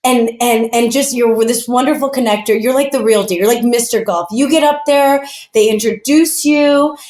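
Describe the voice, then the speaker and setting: A woman guest on a podcast telling stories in a lively, chatty way with lots of fillers. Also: a little high, moderate pace. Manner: animated, chatty, many fillers. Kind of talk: casual storytelling. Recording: roomy echo.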